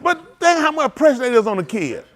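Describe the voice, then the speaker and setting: A man, a preacher telling loose, animated stories to his congregation, laughing often and repeating himself as he goes. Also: very high-pitched, a little fast. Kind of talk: loose storytelling sermon.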